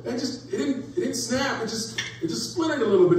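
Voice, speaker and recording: A man's voice: extremely high pitch, animated, fast, a little mellow. A man preaches a folksy, story-filled sermon, his voice climbing as he builds each point. He sounds set back from the mic in a very echoey church sanctuary. A faint hiss sits under his voice. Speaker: pastor. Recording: echoey church room from far off, faint noise.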